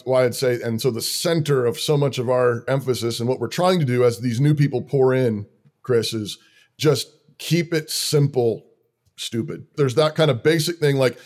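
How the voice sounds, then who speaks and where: Earnest church leader listing plain commands. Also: male voice, mid-range voice, normal speed, a little mellow. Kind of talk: conversational interview talk.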